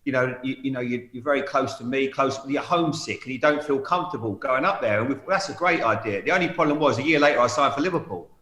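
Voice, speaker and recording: A man, a guest and former footballer, telling lively anecdotes in a casual chat. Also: medium pitch, fast talker, hardly any pauses. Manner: lively storyteller, acts out remembered moments. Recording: roomy echo.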